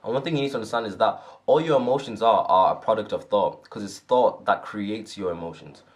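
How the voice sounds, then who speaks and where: Man, low-pitched, earnest, casual self-help talk, repeats "right?". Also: a little fast. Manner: earnest, repetitive, often asks "right?".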